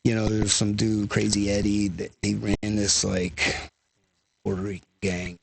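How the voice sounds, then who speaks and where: A man's voice: fairly low pitch, completely flat delivery, unhurried, vocal fry, husky. A man guest, a lead singer, telling stories in casual conversation, rambling and full of "you know" and "like".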